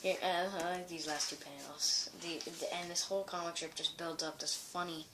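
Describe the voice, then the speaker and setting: A man's voice: a little high, steady tone, moderate pace. Guy chatting thru his homemade comics, lots of ums and restarts, hissy recording. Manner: rambling, with many fillers and restarts. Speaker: amateur comic strip creator. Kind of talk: casual show-and-tell reading of his own comics.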